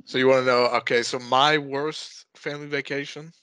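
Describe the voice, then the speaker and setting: Young male co-host, bright tone, blunt and casual, dry close mic. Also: medium pitch, flat delivery, normal speed, clear, resonant tone, no echo. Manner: laid-back, blunt, swears casually. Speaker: podcast co-host. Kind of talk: casual chat.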